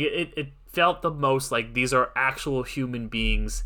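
A man's voice: mid-range voice, unhurried, bright, forceful tone. A man co-hosting a film podcast, talking casually and rambling through his thoughts with many restarts. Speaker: podcast co-host. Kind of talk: casual film review chat.

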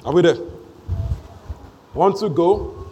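A man preaching a sermon in church. He repeats phrases for emphasis and swings between shouting and hushed asides. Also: high-pitched, expressive, slow, noisy background. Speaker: pastor.

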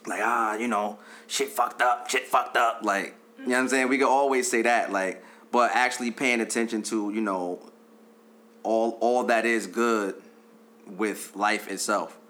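Laid-back man with a bright low voice. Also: fairly even intonation, measured pace. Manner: laid-back, slangy, with "you know what I'm saying". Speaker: podcast guest. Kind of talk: casual podcast chat.

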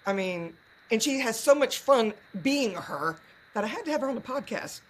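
A woman's voice: fairly high pitch, lively intonation, normal speed, slight background noise. A woman hosting a podcast in a playful, gushing, casual way, sometimes hamming up a put-on Southern drawl. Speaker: podcast host. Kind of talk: casual chat.

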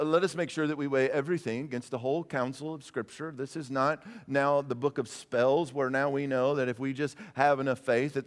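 A man's voice: medium pitch, in a large hall. A male pastor preaching a sermon, earnest and emphatic, often repeating words as he presses a point. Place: church sanctuary.

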